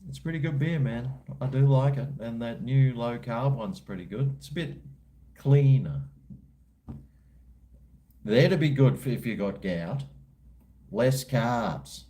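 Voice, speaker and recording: Aussie man, mellow tone, rambling livestream host chatting with viewers. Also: medium pitch, expressive, measured pace, pauses often. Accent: Australian. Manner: rambling, laid-back, slangy. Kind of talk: casual chat answering viewers live.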